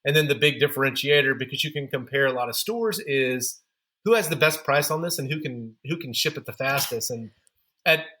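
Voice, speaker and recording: A man's voice: medium pitch, fairly quick, sharp tone. A man guest on a podcast interview, telling candid, self-deprecating stories about building his running store business.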